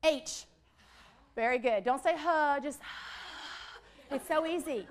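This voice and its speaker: A middle-aged woman running a literacy workshop for teachers, leading the group through letter sounds in a lively way. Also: high-pitched, measured pace. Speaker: literacy trainer.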